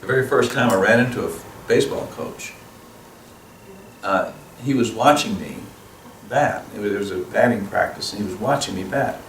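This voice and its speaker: On the low side and at normal speed, a man delivers a straightforward teaching talk as a parenting seminar guest, frequently performing little parent-child exchanges. The school event room sound is echoey and noisy, and he seems distant from the mic.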